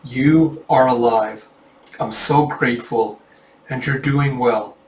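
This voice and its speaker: A man's voice: medium pitch, steady tone, slow pace, lightly acted. Man reading as a remorseful young nobleman. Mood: tearful. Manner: pleading, raised voice. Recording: roomy, distant mic.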